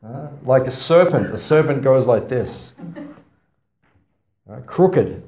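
A man's voice: medium pitch, animated, slow, dark tone, a little hiss or hum. A man giving a scripture class to a small audience. He tells stories, asks the audience questions, and makes playful asides. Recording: roomy, slightly dull sound.

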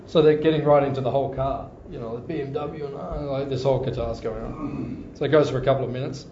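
A man's voice: medium pitch, fairly even intonation, fast, warm tone, a little hiss or hum. A man giving an informal scripture class, telling stories chattily and repeating phrases for emphasis. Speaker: devotional class speaker. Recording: echoey room, slightly dull sound.

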